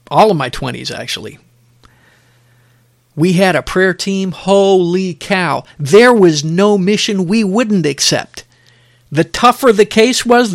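A middle-aged male podcast host gives an emphatic, exhorting, sermon-like talk, hammering his points home through repeated phrases. His voice is fairly high, and the recording is close and dry with no room sound.

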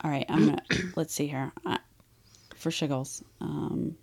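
A woman's voice: low voice, a little slow, gravelly, darkish tone. A woman co-hosting a podcast, chatting candidly about romance novels, laughing often and using plenty of fillers. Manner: giggly, candid, lots of fillers. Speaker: podcast co-host. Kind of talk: casual chat about romance books.

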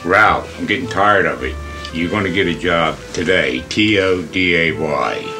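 Man playing angry threatening dad, low voice, gruff, barking orders, music behind. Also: lively intonation, a little slow. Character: angry, threatening middle-aged father.

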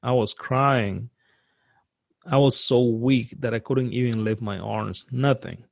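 A man who grew up outside the US, earnestly recounting a frightening personal experience as a guest, in a halting way that repeats words and restarts. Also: medium pitch, steady tone, gravelly, no room sound. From outside the US, now lives in the US. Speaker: guest telling a personal story.

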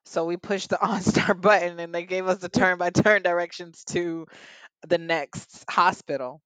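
A woman's voice: on the low side, fairly even intonation, normal speed, fairly bright tone, smooth, dry recording, poor audio. A young adult woman, a podcast guest, candidly and earnestly telling a personal story in an interview.

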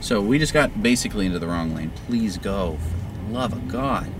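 A man talks from behind the wheel, his pitch leaping up and down as he narrates each turn in a lively, exclaiming way. He often pleads out loud with the car as it drives. Road and engine noise hum clearly under his voice in the car cabin. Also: moderate pace. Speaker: driver and co-host. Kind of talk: casual in-car commentary. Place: inside a moving car. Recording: noisy car interior.

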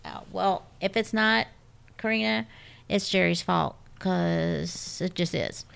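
A woman's voice: lowish voice, slow pace, vocal fry, fairly bright tone, clear, resonant tone. A woman with a scratchy voice, co-hosting a podcast in casual, rambling chat. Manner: rambling, self-interrupting. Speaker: podcast co-host.

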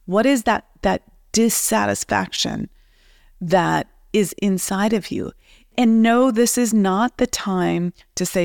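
A woman coach giving a slow, reflective motivational talk, speaking straight to the listener. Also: fairly high pitch, gravelly, dry recording, clean studio sound.

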